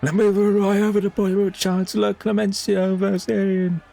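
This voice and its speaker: A man's voice: high voice, level tone, moderate pace, gravelly, mellow, pitched above the performer's own voice. A man voicing an indignant male noble in a tabletop-style game read-through, haughty and demanding. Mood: outraged. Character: indignant shrill male noble, easily affronted.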